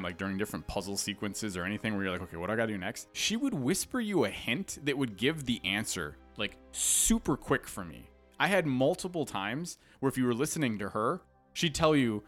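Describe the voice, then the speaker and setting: Animated man reviewing games with laughter. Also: medium pitch. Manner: animated, laughs often, restarts sentences. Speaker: podcast co-host. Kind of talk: casual game review chat.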